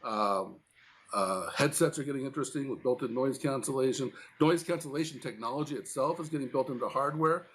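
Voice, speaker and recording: Guy cohosting a tech chat, relaxed, lots of uh and you know, mid pitch voice. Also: fairly quick. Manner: conversational, frequent fillers and restarts. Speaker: podcast co-host. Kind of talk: casual industry discussion.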